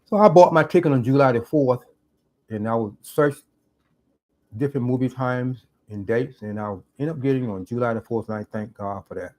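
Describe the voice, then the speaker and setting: A man's voice: mid-range voice, normal speed, a little mellow. A middle-aged man speaks in a reflective vlog monologue with a mid-range voice. He is earnest and a bit preachy, and he stresses his points by repeating phrases. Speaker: YouTube commentator. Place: parked car.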